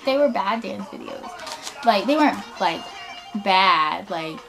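Slow-talking sassy young woman vlogger. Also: mid-range voice, creaky, music in the background. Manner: animated storytelling, sassy, laughs often. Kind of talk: storytime vlog. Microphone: laptop webcam.

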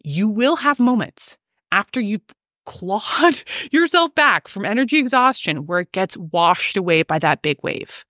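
A woman's voice: medium pitch, sing-song, measured pace, fairly bright tone, dry recording, studio quality. A woman hosting a solo podcast, coaching her listeners in an emphatic, ranty way.

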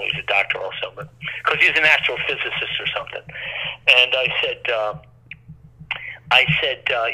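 A man's voice: mid-range voice, sharp tone, slightly rough. A man telling a long, rambling story as an interview guest, acting out quoted voices, over a phone line.

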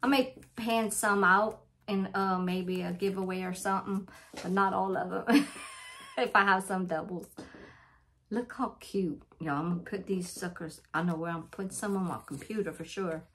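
A woman's voice: medium pitch, steady tone, normal speed, fairly bright tone, a little hiss or hum. A woman, opening birthday mail in a casual vlog, gushing and repeating herself as she talks to viewers. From Louisiana, USA. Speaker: crafting channel vlogger.

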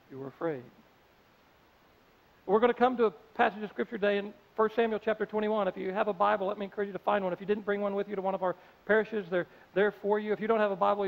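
A man preaches a sermon in a conversational, storytelling way, slipping into the voices of the characters as he goes. His voice sits high. The audio is dull, with a long reverb from a large church hall. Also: creaky. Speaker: pastor.

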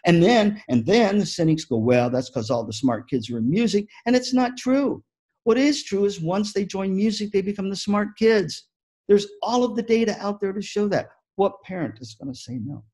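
A man with a high-pitched, slightly rough voice gives a keynote at a conference for music educators, speaking at normal speed. He tells stories with animation and acts out the quotes of the people in them.

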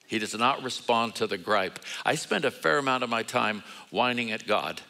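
Older man preaching with a bright edge. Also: mid-range voice, animated, moderate pace, vocal fry, rough recording. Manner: conversational, acts out voices in quoted dialogue, self-deprecating humor. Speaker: guest preacher. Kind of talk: sermon with storytelling.

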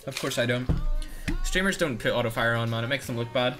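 A young man with a Northern Irish accent streaming a game live, reacting loudly and greeting chat in casual slang. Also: medium pitch, quick pace, over music. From Northern Ireland. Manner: excitable, slangy, swings between loud outbursts and muttering. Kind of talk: live gameplay commentary with chat shout-outs.

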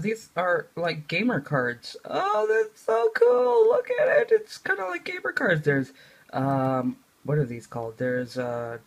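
A young adult vlogger, tired and scatterbrained, talks to a camera in a dim room at home. The delivery rambles, drops into mumbled asides and then jumps into loud outbursts. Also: mid-range voice. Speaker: gaming vlogger. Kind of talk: casual rambling vlog to camera.

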